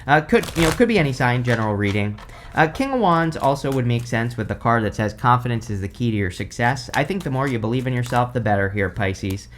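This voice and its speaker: A young man giving a casual tarot reading to camera, rambling and thinking aloud with many fillers, clearly excited. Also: medium pitch, fairly quick, a little hiss or hum. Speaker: tarot reader.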